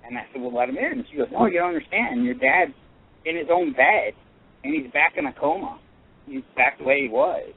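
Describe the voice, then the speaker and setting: A man calling in to a radio show, telling a personal story in an earnest, halting way with many pauses and restarts. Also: on the high side, animated, breathy edge. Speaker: caller. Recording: tinny phone line.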